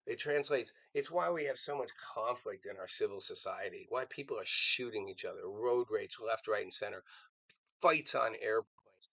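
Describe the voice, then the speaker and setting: A man's voice: fairly low pitch, normal speed, vocal fry, bright, forceful tone, dry recording, rough recording. A man giving earnest political commentary on a live show, rambling with restarts and repeated words.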